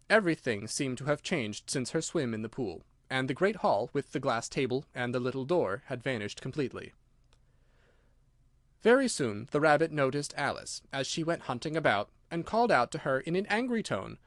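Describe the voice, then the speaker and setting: This is scripted audiobook narration by a man who tells the story expressively in a medium-pitched voice. The studio recording is clean, with no room sound.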